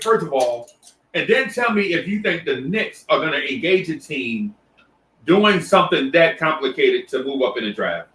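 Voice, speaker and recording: This casual livestream host, whose animated voice sits on the high side, speaks at normal speed from far back in an echoey room. He greets each viewer in turn, looping through loose, repetitive shout-outs marked by fillers and many restarts.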